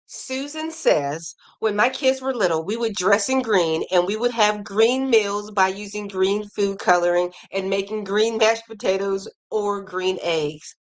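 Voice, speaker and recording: Female crochet streamer, mid-pitched, chatty, reacts warmly to comments, casual live talk. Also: unhurried, hardly any pauses. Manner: chatty, reads viewer comments aloud, animated reactions. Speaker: crochet livestream host. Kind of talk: casual livestream chat reading comments.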